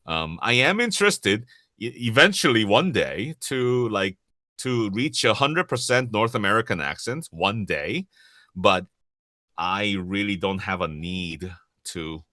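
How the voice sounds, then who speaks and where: Lively Korean-accented man, low voice. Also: unhurried, dry recording, clean studio sound. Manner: lively, chuckling often, restarting and repeating words. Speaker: voice actor answering audience questions. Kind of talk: casual livestream Q&A.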